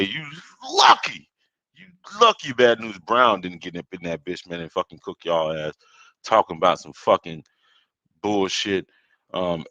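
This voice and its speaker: A Caribbean-born podcast host rants heatedly on his own, swearing constantly and rambling through repeated points. His voice is fairly low yet pushed and bright, captured in a dull, lo-fi, dry recording.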